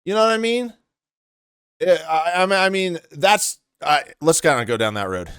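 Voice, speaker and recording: A man's voice: on the high side, expressive, normal speed, a bit bright, smooth, dry recording, studio quality. A young man hosting angry reaction commentary, ranting in an exasperated way and swearing often. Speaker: commentary host.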